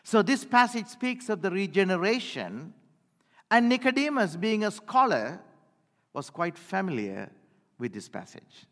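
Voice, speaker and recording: A man preaching a sermon to his church, with dramatic pauses and phrases that fall away at the end. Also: sits high. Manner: animated preaching with dramatic pauses and falling endings. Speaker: pastor. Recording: long hall reverb.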